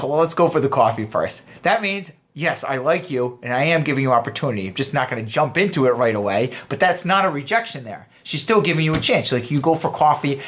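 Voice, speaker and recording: A man's voice: a little high, fairly bright tone. A man teaching a dating course in a loose, conversational way, often acting out sample lines. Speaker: dating coach. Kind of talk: casual course lecture.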